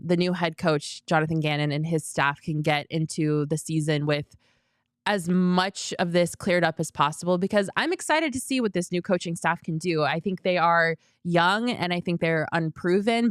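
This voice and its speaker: A woman's voice: on the low side, smooth, dry recording, clean studio sound. Chatty upbeat woman sports host. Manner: upbeat, chatty, quick to laugh. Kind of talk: casual solo sports chat.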